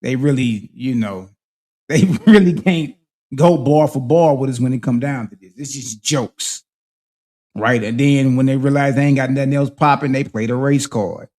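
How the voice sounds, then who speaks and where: A man's voice: mid-range voice, moderate pace, darkish tone. A man hosting a livestream, preaching and confronting his critics in heated, slang-heavy commentary. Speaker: livestream host.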